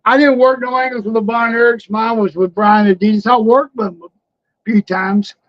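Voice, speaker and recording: High-voiced older man spinning wrestling tales. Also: normal speed, no echo, dull audio. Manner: animated storyteller, laughs often, shouts out quoted lines. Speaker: retired pro wrestler, guest. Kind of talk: storytelling interview.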